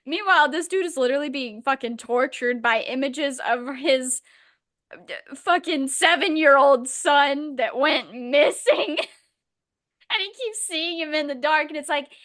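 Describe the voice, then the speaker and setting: A woman's voice: high-pitched, a little slow, a bit bright. A young woman co-hosting a podcast, casually retelling a book in a rambling, profane, exasperated way. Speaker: podcast co-host. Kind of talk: casual chat.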